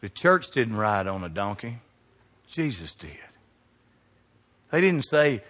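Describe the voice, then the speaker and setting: A middle-aged man preaching a sermon, swinging from hushed to loud. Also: on the low side, very animated, a little slow, pauses often, long reverb tail. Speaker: pastor.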